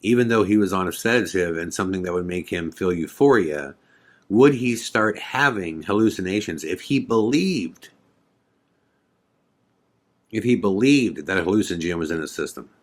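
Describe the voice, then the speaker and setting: Male podcast host with a deep voice, recounting events casually and quoting other people's lines. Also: expressive, normal speed. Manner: conversational, filler-heavy retelling with quoted dialogue. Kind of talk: casual storytelling.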